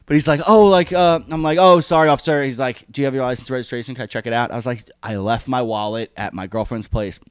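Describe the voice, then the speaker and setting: A man's voice: medium pitch, fast talker, hardly any pauses, clear, resonant tone, dry recording. A young man chatting on a podcast, telling stories and acting out the people in them. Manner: animated storyteller, acts out quotes. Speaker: podcast co-host. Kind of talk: casual chat.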